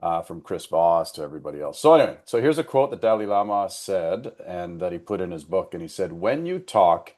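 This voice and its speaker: Low-voiced man giving a casual talk. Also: a little mellow. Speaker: member giving an education segment. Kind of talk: casual talk to a business group.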